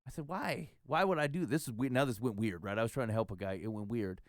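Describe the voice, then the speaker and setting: A man's voice: mid-range voice, fast talker, dry recording, studio quality. A man telling a long, rambling, self-deprecating tall tale in casual podcast chat. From Iowa. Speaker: podcast host.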